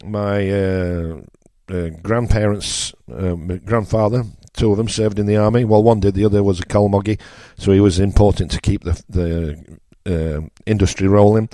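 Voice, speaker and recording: Northern english bloke on the radio, lowish voice, blunt ranty monologue, dry sound. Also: male voice, fairly even intonation, moderate pace, mellow, no room sound. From northern England. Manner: blunt, ranting, emphatic repetitions. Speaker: radio show host. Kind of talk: opinionated political monologue.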